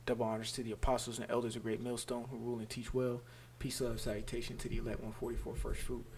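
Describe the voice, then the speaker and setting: A man's voice: mid-range voice, monotone, darkish tone, a little hiss or hum. Emphatic man teaching a scripture lesson. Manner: emphatic, repetitive, checks in with "all right?"; slows down to stress scripture words. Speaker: Bible teacher.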